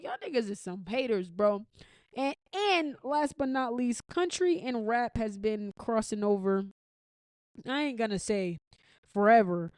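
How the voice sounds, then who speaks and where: A woman's voice: medium pitch, darkish tone, no echo. An American woman hosting a podcast, giving blunt, profane commentary in a casual, opinionated way with frequent restarts. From United States. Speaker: podcast host.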